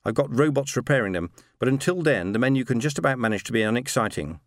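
A man's voice: mid-range voice, animated, fast, no room sound, studio quality, natural voice. A man voicing a brusque, powerful machine intelligence that speaks through robots, reading a story.

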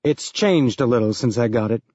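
Man voicing deadpan middle-aged detective, dry understated replies, dull lo-fi sound. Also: mid-range voice, moderate pace, no room sound, lightly acted.

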